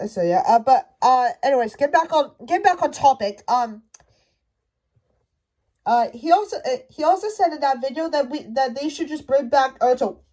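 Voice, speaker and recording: A woman's voice: high-pitched, animated, normal speed, darkish tone. A woman ranting casually about a show, stumbling through many restarts. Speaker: fan commentator. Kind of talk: casual rant to camera.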